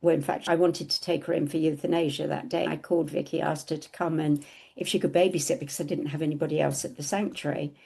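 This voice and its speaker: A middle-aged woman co-hosting a podcast, telling a personal story in a casual, animated way and acting out the quoted dialogue. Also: sits low, fast talker, creaky, husky.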